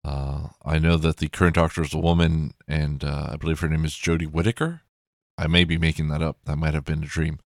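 A man's voice: very deep voice, little pitch movement, a little fast, dry recording, clean studio sound. A man chatting casually and rambling, with plenty of swearing and self-corrections.

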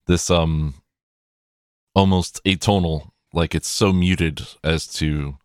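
A man's voice: low-pitched, no echo, studio quality. A man rambling through casual commentary on a film from his own collection, with many fillers and restarts. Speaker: movie collection reviewer.

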